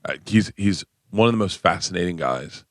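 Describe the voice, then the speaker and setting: A comedian in his fifties telling stories as a guest on a radio show, acting out quotes with a shrill voice. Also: expressive, normal speed, no echo, clean studio sound. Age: 50s. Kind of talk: casual storytelling chat. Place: radio studio.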